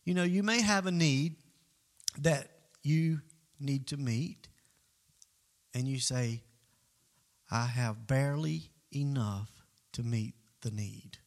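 Gravelly preacher man. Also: mid-range voice, slow, pauses often. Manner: emphatic, swings between loud calls to the congregation and quiet asides. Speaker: pastor. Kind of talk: sermon.

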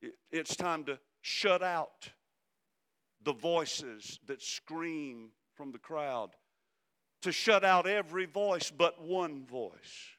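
A man preaching a sermon, swinging from loud emphasis down to hushed, soft phrases. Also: a little high, expressive, slow. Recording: long hall reverb.

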